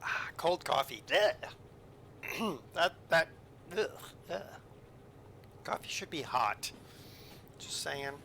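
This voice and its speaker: A man's voice: a little high, animated, takes it slowly, gravelly, long pauses, bright, forceful tone, a little hiss or hum. A man streaming a train game, chatting casually and joking with his viewers, with lots of ums and asides. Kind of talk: casual live-stream commentary.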